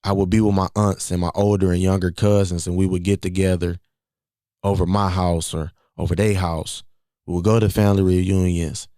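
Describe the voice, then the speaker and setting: A young man with a fairly low voice recounts a personal story on his podcast. He speaks casually and conversationally, circling back to repeat key phrases. The sound is dry and close, with very little room. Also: little pitch movement, normal speed, dark tone, dry recording. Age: 20s. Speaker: podcast host.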